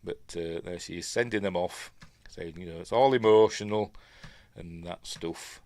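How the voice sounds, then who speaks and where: A man's voice: low voice, fairly even intonation, moderate pace, no room sound. A middle-aged man with a Yorkshire accent, chatting casually and rambling through a film commentary at home, often correcting himself. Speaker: film reviewer.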